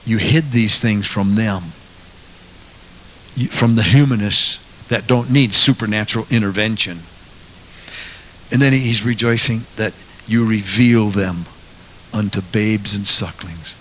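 A man preaching a sermon as a pastor, moving from quiet asides to loud, impassioned passages. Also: fairly low pitch, a little slow, long pauses, slight background noise.

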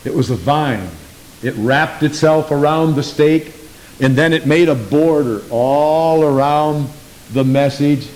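A man preaches a sermon at a slow pace in a slightly mellow voice, telling stories emphatically with big swings in pitch. He often repeats the short phrase "Praise the Lord." The room is very echoey, with a faint hiss.

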